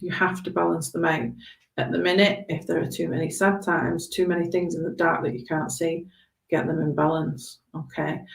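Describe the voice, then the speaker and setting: A woman's voice: fairly low pitch, gravelly, roomy sound, poor audio. A woman giving chatty, reassuring tarot readings on a live stream, often checking in with okay. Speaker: tarot reader.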